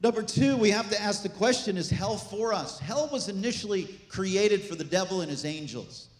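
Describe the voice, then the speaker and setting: A man preaching a sermon as pastor, animated, with asides and jokes to the congregation. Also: high-pitched, normal speed. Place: church sanctuary. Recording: echoey church hall.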